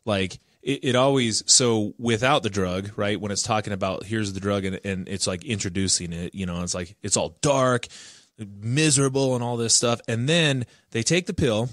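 A man co-hosting a podcast in casual discussion, animated and acting out quoted voices. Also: on the low side, normal speed, no room sound, clean studio sound.

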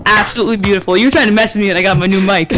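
A young man with a high voice jokes with friends over an online call, laughing and repeating his words in a playful way. Steady background noise runs behind his voice on the call. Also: very fast. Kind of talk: casual banter on a voice call.

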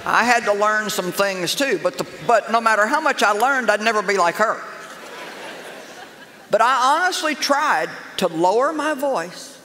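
An older woman preaching a humorous sermon, telling stories in an animated, sassy, self-mocking way. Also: medium pitch, a little slow, background noise. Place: large church auditorium with a live congregation. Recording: echoey hall with crowd laughter.

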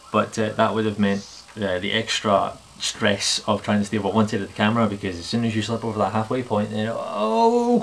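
A man's voice: on the low side, gravelly. A man talking with himself in a casual improvised comedy skit, rambling and self-mocking, recorded at home on a camera in his sitting room. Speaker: video blogger playing himself and his clone. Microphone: camera on a TV unit.

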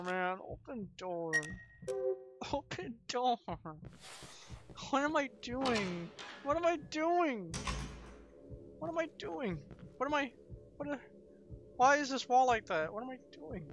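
Late at night in a room at home, a young man records horror let's play commentary, jumpy and emotional as he talks through the game. His voice is very high-pitched, slow and full of pauses. The dull lo-fi mic carries a steady noise.

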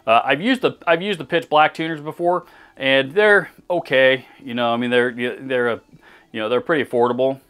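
Mid-pitched male host, casual on-camera rant, blunt and profane, laughs easily, restarts sentences. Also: normal speed, a bit bright, clean tone. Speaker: channel host reading viewer comments. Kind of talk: casual rambling commentary. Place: indoor room with gear on the wall behind him.

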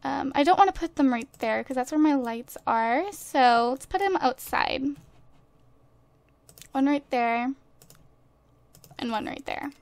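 Speaking into a desk USB mic, this woman offers casual let's-play commentary on a life-sim game, chatty and bubbly, laughing a lot as she gushes to her audience. Her voice is high, and there's no room sound.

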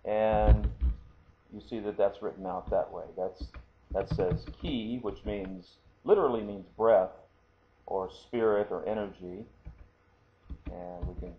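Male instructor, low voice, patient step-by-step explainer; thin phone-like sound, light hiss. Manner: patient, explanatory, frequent "okay?" check-ins. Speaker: martial arts instructor. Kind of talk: screen-recorded lesson. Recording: tinny phone-like audio, faint hiss.

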